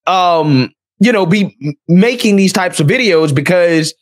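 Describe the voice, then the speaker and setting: A man hosting a reaction video, commenting in a halting way with many fillers. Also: high voice. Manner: halting, with frequent fillers and chuckles.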